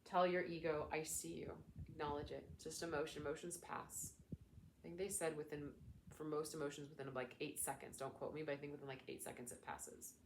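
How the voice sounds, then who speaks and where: A woman talking as a spiritual coach in a casual, gentle, reflective teaching style. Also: deep voice, level tone, fairly quick, slight background noise. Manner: gentle, soothing, reflective, with chatty fillers.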